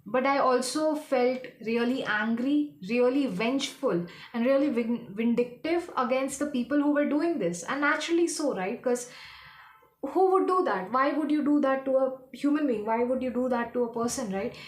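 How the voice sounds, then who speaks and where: A woman giving a casual tarot reading, rambling and halting as she hunts for her words. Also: sits high, echoey room. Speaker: tarot reader.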